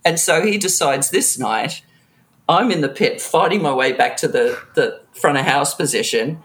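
A woman's voice: deep voice, expressive, normal speed. A middle-aged woman, a guest and sound engineer, telling an anecdote in casual chat, acting out quotes, swearing freely and laughing often. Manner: laughs often between phrases.

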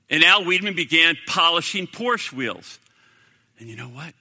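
A man preaching a sermon in a church, swinging from loud declarations to hushed, near-whispered prayer. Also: on the high side, animated, slow pace. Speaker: pastor. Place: church sanctuary. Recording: echoey hall reverb.

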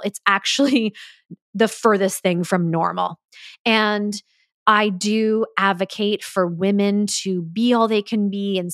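A woman's voice: mid-range voice, fairly bright tone, dry recording, studio quality. A woman hosting a solo podcast as a business mentor, talking in an earnest, emphatic way. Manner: earnest, emphatic, acts out quoted dialogue.

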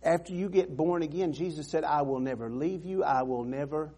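Husky, mellow-voiced male preacher. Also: fairly high pitch, brisk. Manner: earnest, emphatic preaching with repetitions and restarts. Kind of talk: sermon.

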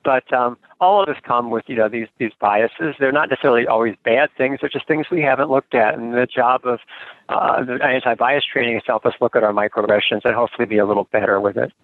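A man's voice: mid-range voice, fairly even intonation, quick pace, dry recording. A middle-aged man speaking as a guest expert in an interview, earnest and thoughtful, often restarting his sentences. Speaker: guest expert on gender norms. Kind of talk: conversational interview over a remote call. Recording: tinny phone-line sound, dry.

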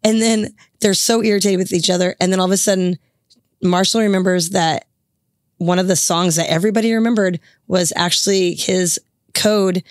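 A woman's voice: lowish voice, normal speed, clear, resonant tone, dry recording. Chatty middle-aged woman, podcast co-host, laughs a lot, dry close sound. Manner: chatty, laughs often, animated storytelling. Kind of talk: casual chat.

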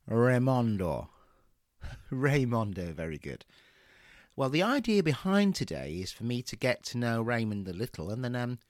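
A man playing a male counsellor who switches from a soft, patient manner to booming revival-preacher exorcism in a comedy sketch. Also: dry recording, clean studio sound. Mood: calm, patient.

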